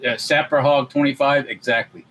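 A man's voice: medium pitch, fairly even intonation, normal speed, fairly bright tone, a little hiss or hum, low-quality recording. A man hosting a podcast, chatting casually and rambling, swearing now and then. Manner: rambling, swears, mimics voices in asides. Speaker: podcast host.

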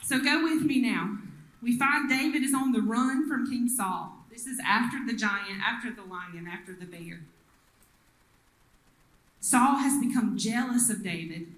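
Woman pastor, sermon storyteller, fairly high voice, roomy church echo. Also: a little slow, a bit bright. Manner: storytelling, acts out the quoted people.

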